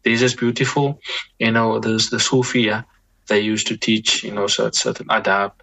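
A man with a husky, slightly breathy voice and a forceful, bright edge. He talks in a measured, reflective way, circling back and repeating words as he gathers his thoughts. His tone leans gently toward preaching. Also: fairly low pitch, flat delivery, rough recording. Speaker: Muslim scholar guest. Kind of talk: reflective podcast conversation.

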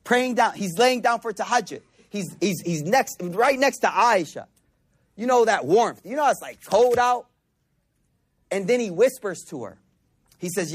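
A man preaching a sermon to a live audience, repeating phrases for emphasis and dropping from loud, emphatic lines to hushed, intimate ones. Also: high-pitched, big pitch swings, normal speed, slightly rough.

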